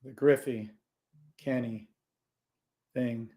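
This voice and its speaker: A man hosting a live trading stream, gruff and blunt, swearing and scolding his viewers while he calls out trades. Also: medium pitch, fairly even intonation, drawn-out words, warm tone.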